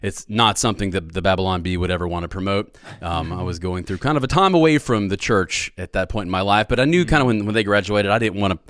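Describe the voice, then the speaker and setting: Brief: Southern US man, low voice, easygoing rambling guest, close dry mic. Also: quick pace, few pauses, fairly bright tone, dry recording. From Georgia, US. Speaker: filmmaker guest. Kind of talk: casual podcast interview.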